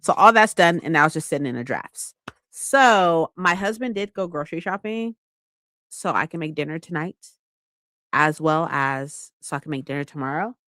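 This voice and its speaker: A young woman with a deep voice vlogs casually from home at a moderate pace, bubbly and chatty, squealing when she gets excited. The audio is studio quality with no room sound.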